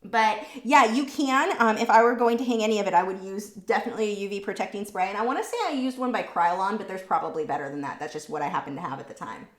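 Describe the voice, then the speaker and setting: A woman hosting a live painting stream, chatting casually and answering viewer questions, warm and talkative. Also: mid-range voice, fast talker, hardly any pauses, reverberant. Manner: warm, chatty, easily moved, laughs between words.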